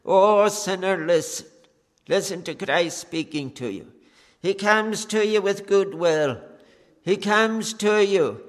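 A man preaching a sermon, earnest and pleading, with long pauses between phrases. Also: sits high. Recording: long reverb of a church hall.

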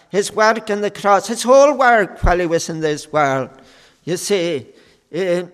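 A man preaching a sermon in a slow, measured way, with frequent fillers. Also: high-pitched, a bit bright, smooth, long reverb tail.

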